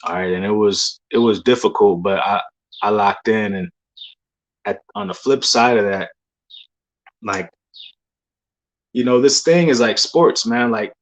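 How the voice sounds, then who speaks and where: A young man talks in a loose, unscripted way, piling up fillers and slang as he tells a personal story. His voice sits a bit low, and he drifts from one thought to the next. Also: unhurried, long pauses. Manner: loose, rambling street slang with many fillers. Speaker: believer sharing dreams. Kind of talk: casual testimony monologue.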